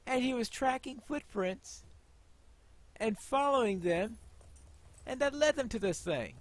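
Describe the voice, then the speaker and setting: A man's voice: very high voice, animated, a little slow, no echo. A man casually commenting on his gameplay, chatty and wry, thinking aloud. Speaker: gameplay host.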